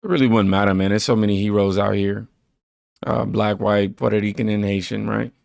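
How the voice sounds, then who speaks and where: A man's voice: on the low side, steady tone, a little fast, gravelly, a little mellow, dry recording, studio quality. A man hosting a reaction channel, laid-back, reading viewer comments aloud and riffing on them.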